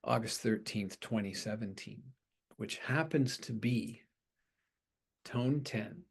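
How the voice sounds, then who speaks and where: A man recounting a personal spiritual experience in an interview, talking slowly and hesitantly, with restarts and soft trailing phrases. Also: on the low side, creaky, breathy edge. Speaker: astrology teacher and practitioner. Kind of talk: personal story told in an interview.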